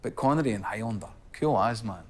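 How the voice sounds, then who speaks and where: A man's voice: lowish voice, animated, a little fast, slight background noise. Laid-back man in an interview. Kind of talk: casual interview talk.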